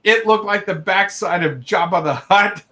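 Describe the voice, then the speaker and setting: A man's voice: high voice, a little slow, sharp tone. A young man hosting a livestream, reading viewer stories aloud and breaking off to laugh and swear in reaction.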